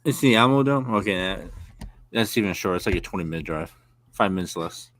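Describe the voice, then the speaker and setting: Male podcast co-host, brisk delivery, plain matter-of-fact chat. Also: sits low, lively intonation, fairly bright tone, a little hiss or hum. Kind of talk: casual chat.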